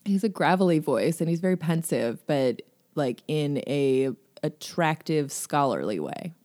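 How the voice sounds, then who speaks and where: A woman chats on her podcast in a lowish voice. She is chatty, laughs a lot and slips into imitations. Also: lively intonation, measured pace, a little mellow. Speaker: podcast co-host. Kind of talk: casual chat.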